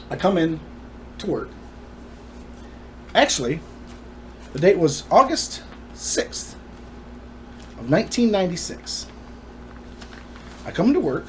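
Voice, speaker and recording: A man's voice: high-pitched, a little hiss or hum. A man telling his personal story to the camera in an emphatic, indignant way.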